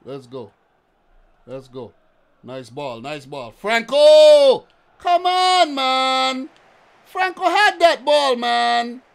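Frustrated male streamer, lively ranting gameplay commentary. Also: very high-pitched, extremely slow, creaky, smooth. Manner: exasperated ranting, keeps adding "man". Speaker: gaming streamer.

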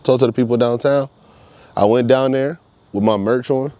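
A man's voice: mid-range voice, fairly even intonation, normal speed, mellow, no room sound. Profane, emphatic man vlogging. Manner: profane, emphatic, repeats himself. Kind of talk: casual monologue.

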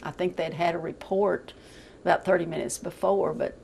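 Older woman, gravelly, halting speech, news interviewee, faint background noise. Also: lowish voice, fairly even intonation, a little mellow, poor audio. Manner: halting, repeats words while recounting.

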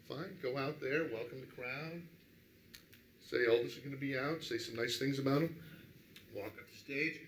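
A middle-aged man, a radio DJ, telling animated anecdotes at a dinner table and acting out the people he quotes. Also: medium pitch, normal speed, a little hiss or hum. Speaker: radio DJ guest. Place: restaurant dining room. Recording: echoey room.

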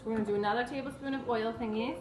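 Calm coaxing woman giving recipe steps. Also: on the high side, rapid-fire, reverberant, over music. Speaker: parent guiding the cooking. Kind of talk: casual kitchen instruction. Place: home kitchen.

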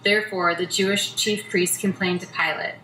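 Woman scripture narrator, bright tone, lower pitch, far mic in a roomy church. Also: steady tone, normal speed. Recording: roomy church from a distance, faint noise.

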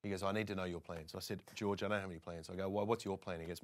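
A man's voice: sits low, very fast, heavy background noise. An Australian man, a presenter appearing as a guest, telling casual anecdotes and acting out other people's lines as he goes. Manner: lively storyteller who acts out other people's lines.

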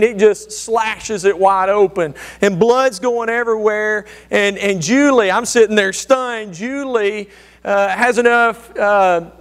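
A man in his thirties preaching a sermon, telling personal stories in an earnest, conversational way with frequent restarts. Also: high-pitched. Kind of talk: sermon storytelling.

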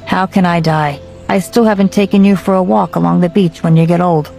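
A gentle young man comforting his mother, as a woman reader puts him on. He speaks softly and reassuringly in a low, mellow, gravelly voice, with faint music underneath. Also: fairly even intonation, fairly quick. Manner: reassuring, soft-spoken.

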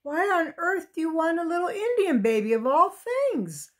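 A woman's voice: a little high, wildly swooping pitch, unhurried, exaggerated voice. A woman voicing a practical pioneer mother who scolds and exclaims in a read-aloud storybook. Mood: scolding. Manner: scolding, exasperated.

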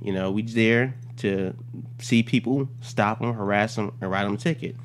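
A man's voice: on the low side, moderate pace, a little hiss or hum. A man telling a comic, profane story on a casual podcast. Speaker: storyteller guest.

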